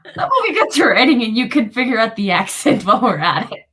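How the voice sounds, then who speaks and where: A woman's voice: on the high side, lively intonation, fast, a bit bright, husky. A woman co-hosting a casual livestream chat, making dry, teasing remarks. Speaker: co-host.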